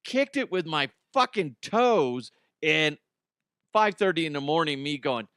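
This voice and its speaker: A man's voice: on the high side, expressive, a little slow, a bit bright, smooth, dry recording, clean studio sound. A man hosting a comedic podcast, telling stories in a loose monologue, swearing often and laughing at his own jokes. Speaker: podcast host.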